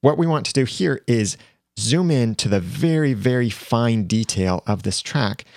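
A man teaching video editing software in a plain, step-by-step way, recorded on a lavalier mic. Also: medium pitch, expressive, unhurried, no room sound, clean studio sound. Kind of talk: screen-recorded software tutorial.

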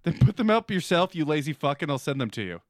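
A man's voice: fairly high pitch, sing-song, quick pace, dry recording, clean studio sound. A man co-hosting a crude comedy podcast, reading listener emails, laughing often and swearing freely. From Canada. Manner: laughs often, profane, gets worked up.

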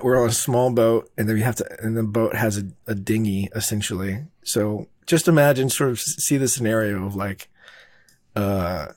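A man tells a production story in a loose, rambling way, with fillers and casual swearing. His voice sits a little low. The recording is dry and close, with no room sound. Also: a little mellow, no echo. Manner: rambling, laid-back, heavy on fillers and swearing. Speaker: filmmaker telling a production story.

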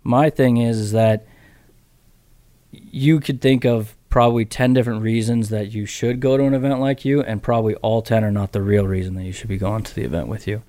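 A man's voice: lowish voice, fairly even intonation, brisk, mellow, dry recording. A middle-aged man as a podcast guest, rambling with many restarts and casual swearing as he tells his story. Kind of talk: casual interview chat.

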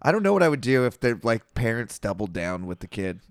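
A man's voice: mid-range voice, sing-song, fairly quick, no room sound, clean studio sound. A young man telling stories in casual chat, swearing freely, acting out quotes and laughing often.

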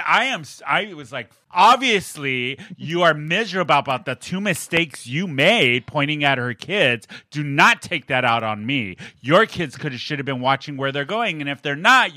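A man's voice: on the high side, pushed and bright, no room sound, clean studio sound. A man from the San Diego area telling a story in a casual podcast chat, swearing freely and acting out the people he quotes. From San Diego area, California.

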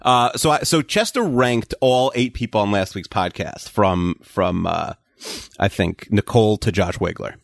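A man with a low, gravelly voice hosts a casual podcast chat. He rambles and hesitates, teasing as he goes. The sound is dry and close. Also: expressive, unhurried, no echo. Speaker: podcast host.

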